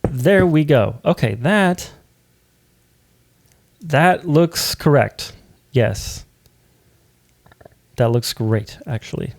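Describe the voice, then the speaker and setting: Rambling gamer narrating a block build. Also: male voice, mid-range voice, dark tone, dry recording. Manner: rambling, thinks aloud, hums and counts blocks under his breath. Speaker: Minecraft building channel host. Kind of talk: casual building tutorial commentary.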